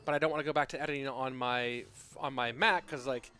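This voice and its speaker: A man casting a live game tournament, calling plays excitedly and chatting with viewers in between. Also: medium pitch, fairly quick, a little hiss or hum. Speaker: esports caster. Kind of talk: live game commentary with chat. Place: Austin, Texas.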